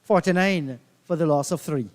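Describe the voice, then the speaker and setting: A man's voice: a little high, moderate pace, darkish tone, big-room sound. A man doing live cricket commentary, telling leisurely reminiscing anecdotes between deliveries.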